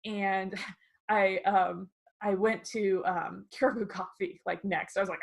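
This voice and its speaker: A woman in her twenties co-hosting a podcast, telling a personal story in a casual, animated way, laughing often and acting out what people said. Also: mid-range voice, a little slow. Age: 20s. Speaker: podcast co-host.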